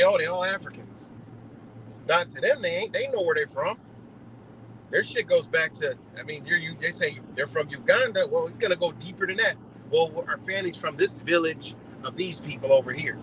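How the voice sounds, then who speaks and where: A man's voice: fairly high pitch, a bit bright, slight background noise, rough recording. A man ranting heatedly and profanely in a rambling live monologue, streaming from a car on the road. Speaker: livestreamer.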